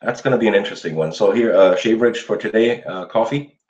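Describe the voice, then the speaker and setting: A man hosting a casual live show, chatting in a relaxed, rambling way with his viewers while he shaves. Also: lowish voice, fast. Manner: relaxed, rambling, chuckles often, talks to viewers. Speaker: livestream host. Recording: roomy dull lo-fi sound.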